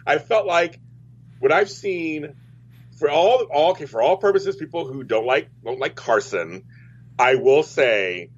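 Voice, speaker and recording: A man hosting a soap opera chat show, talking casually and rambling with many restarts. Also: mid-range voice. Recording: dull lo-fi audio.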